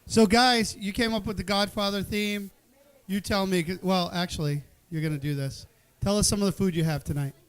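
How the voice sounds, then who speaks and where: A man's voice: high-pitched, fairly even intonation, a little fast, smooth. A man hosting a live cooking event, joking and bantering with the crowd and the teams in a casual, rambling way. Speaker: event host. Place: event hall with an audience.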